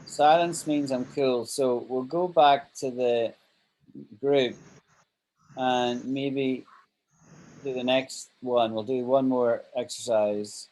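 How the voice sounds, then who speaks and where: A man's voice: medium pitch, fairly even intonation, slow pace, a little mellow, rough recording. A man teaching an online English grammar lesson, patiently walking through example sentences and checking that his students follow.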